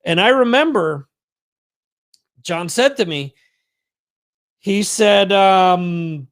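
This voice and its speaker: High-voiced man chatting on a livestream. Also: animated, very slow. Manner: chatty, profane, rambling with restarts. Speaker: livestream host. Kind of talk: casual livestream monologue.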